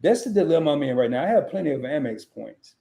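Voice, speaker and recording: Gravelly-voiced man on a livestream. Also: a little high, fast. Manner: animated, acts out quoted dialogue; greets chat viewers by name. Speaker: livestream host. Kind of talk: casual livestream chat.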